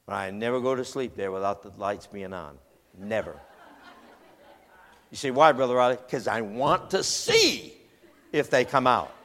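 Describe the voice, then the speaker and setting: Man preacher, folksy storytelling sermon, forceful bright voice, long hall reverb. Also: on the low side, unhurried, long pauses, some chatter behind. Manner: animated, folksy, acts out voices and screams. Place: large church hall.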